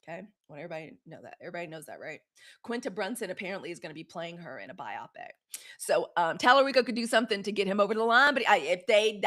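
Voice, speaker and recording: A woman's voice: mid-range voice, lively intonation, fairly quick, pushed and bright. A woman hosting a live news show, talking casually and bluntly to her chat viewers, with frequent profanity. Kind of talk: casual live-stream commentary.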